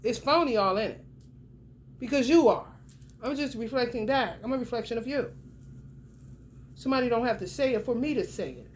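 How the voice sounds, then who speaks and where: Woman doing a tarot reading, kinda high voice, blunt and cussing a lot, talks right at you. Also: lively intonation, a little fast, pauses often, a little hiss or hum. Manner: blunt, profane and emphatic, talks straight to the viewer. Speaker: tarot reader. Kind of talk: casual tarot reading monologue.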